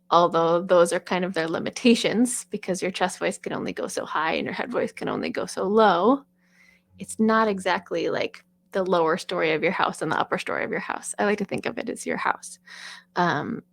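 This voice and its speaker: Gravelly-voiced woman voice teacher. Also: medium pitch. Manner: chatty, demonstrates with sung and called-out examples. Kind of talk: casual vocal lesson.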